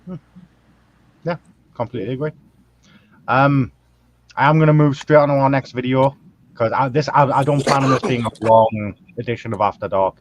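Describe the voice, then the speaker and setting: A man's voice: medium pitch, normal speed, long pauses, a little hiss or hum. A man hosting a casual podcast chat, hesitant and full of ums, who swears casually. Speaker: host.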